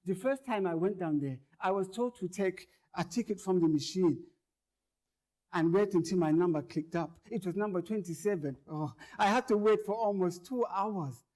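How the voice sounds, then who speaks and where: An earnest man performs a first-person storytelling monologue about his own life, repeating words and phrases and growing louder as tension builds. His voice sits high and he speaks at normal speed.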